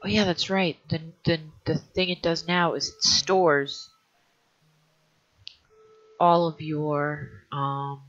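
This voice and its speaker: A woman's voice: low-pitched, fairly even intonation, slow, pauses often, a bit bright. A woman hosting a let's play, thinking aloud in a hesitant way and often trailing off mid-sentence. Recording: dull lo-fi recording.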